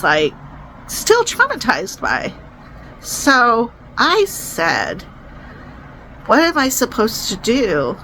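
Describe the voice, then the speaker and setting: A young woman telling a personal story to the camera, emotional and rising into high-pitched distress. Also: sharp tone, slight background noise, poor audio. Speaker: vlogger.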